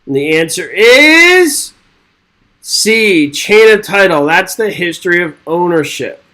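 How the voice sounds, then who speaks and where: Teaching a live exam-prep webinar, this real estate exam instructor reads quiz questions aloud and jokes with the chat in an upbeat way. His high voice is sing-song, slow, pushed and bright. The audio quality is poor.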